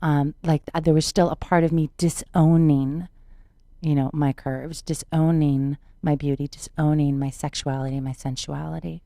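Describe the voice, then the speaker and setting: Woman, podcast guest, deep voice, dry close sound, earnest, emphatic. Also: steady tone, moderate pace, gravelly, mellow, no echo. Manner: earnest, emphatic, repeats words for weight. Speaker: podcast guest, spiritual teacher. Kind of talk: personal storytelling in a podcast interview.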